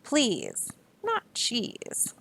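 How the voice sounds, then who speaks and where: Woman doing a squeaky, polite little otter. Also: huge pitch swings, drawn-out words, creaky, fairly bright tone, breathy edge, dry recording, full character voice. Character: polite, friendly otter, small and gentle.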